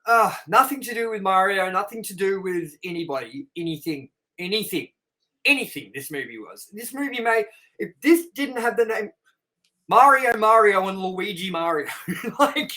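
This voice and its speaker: A co-host tears into a film in loose, casual chat, swearing often and sounding fed up. The voice has a bright, sharp edge and stays at a middling pitch. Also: expressive, moderate pace. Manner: profane, exasperated ranting. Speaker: co-host of a movie review show.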